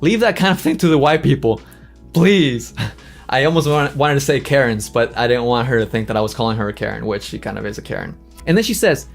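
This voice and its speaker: A man's voice: fairly high pitch, animated, a little fast, faint music behind. A man from Los Angeles hosting his own channel, animatedly reading comments aloud and answering them with sass. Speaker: channel host. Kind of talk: livestream commentary.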